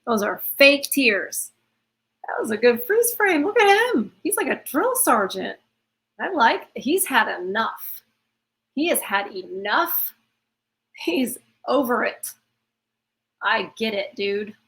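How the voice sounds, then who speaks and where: A woman's voice: a little high, sing-song, slow, pauses often, a bit bright. A woman giving blunt, opinionated reaction commentary.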